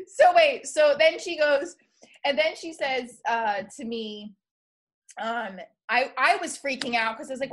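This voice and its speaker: Animated woman telling a story. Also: fairly high pitch, measured pace. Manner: animated storytelling, acts out quotes. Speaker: podcast host. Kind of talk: casual comedic chat.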